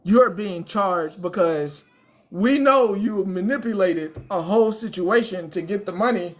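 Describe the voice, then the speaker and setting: A woman mimicking a flat, by-the-book police investigator, in a slow, deadpan official delivery. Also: medium pitch, voice pushed down, natural voice.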